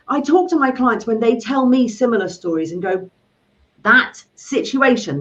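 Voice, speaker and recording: A middle-aged woman, a money coach chatting and telling stories, often acting out voices. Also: medium pitch. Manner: animated storyteller, acts out voices. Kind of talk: casual video chat. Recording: dull lo-fi sound.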